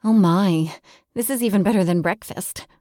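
A woman voicing an excitable, food-loving young woman contestant in an audiobook. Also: medium pitch, normal speed, dry recording, studio quality, close to an everyday voice. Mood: gushing. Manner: gushing, excitable.

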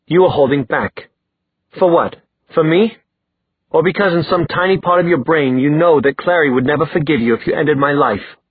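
A man voicing a proud, sarcastic young male fighter with a sharp, cutting delivery. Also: fairly high pitch, husky, no echo, pitched above the performer's own voice. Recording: dry tinny phone-like sound.

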